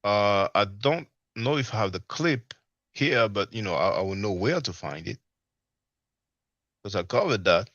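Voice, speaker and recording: A man with a bright, forward tone hosts a live call-in discussion. He rambles along with plenty of "you know" fillers and slips into mocking impressions when quoting someone. The audio comes through an online call. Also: fairly low pitch, expressive, unhurried, dry recording, dull audio. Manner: rambling, many fillers, quotes others mockingly. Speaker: livestream panel host. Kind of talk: casual call-in commentary.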